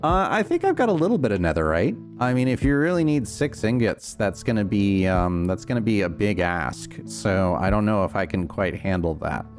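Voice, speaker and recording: A man's voice: fairly low pitch, sing-song, normal speed, few pauses, faint music behind. A young man chatting casually on his livestream while playing, rambling and answering chat with lots of fillers. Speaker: streamer.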